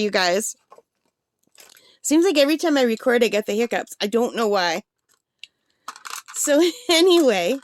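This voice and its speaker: A woman chatting casually through an art supply unboxing, rambling with fillers while she has the hiccups. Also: on the high side.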